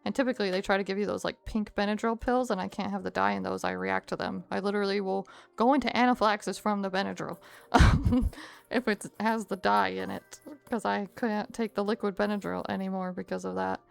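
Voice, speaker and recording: A young woman streamer telling a story to her chat in a casual, animated way with frequent laughs. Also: medium pitch, brisk, gravelly, smooth, faint music behind.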